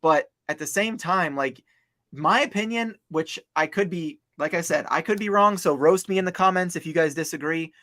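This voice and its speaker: A man's voice: a little high, moderate pace, pushed and bright. A man in a casual podcast chat, earnest and giving his opinion to the audience. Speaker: podcast co-host.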